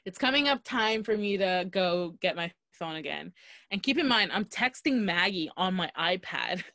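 A young woman in Los Angeles co-hosts a casual podcast chat, telling a story animatedly, laughing and acting out what people said. Her voice is lowish and moves at a normal speed, recorded in clean studio sound with no room echo.

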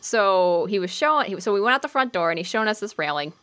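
A woman's voice: medium pitch, lively intonation, fast, pushed and bright, dry recording. Laid-back, swearing woman telling a story. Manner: profane, laid-back, heavy use of "like" and "bro"; laughs through her own story. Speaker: podcast co-host. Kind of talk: casual storytelling chat.

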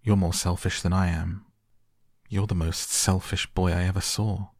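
A man's voice: deep voice, little pitch movement, moderate pace, darkish tone, no room sound, studio quality. A man voicing a sour, stubborn little girl who snaps out fierce retorts.

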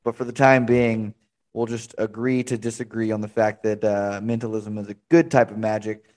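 A man's voice: lowish voice, fairly even intonation, normal speed, darkish tone. A young man hosting a podcast interview, chatting casually and rambling through stories. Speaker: podcast host.

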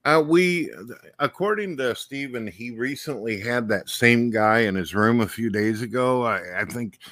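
A man's voice: mid-range voice, measured pace, fairly bright tone, no echo. A man hosting a casual online talk show, telling stories in a boastful manner. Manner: boastful, storytelling. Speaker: podcast host. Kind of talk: casual chat.

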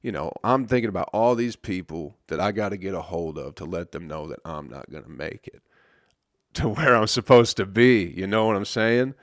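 A man's voice: deep voice, lively intonation, normal speed, dry recording. A man, a stand-up comedian, telling a story in a laid-back, rambling way full of swearing. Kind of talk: casual storytelling.

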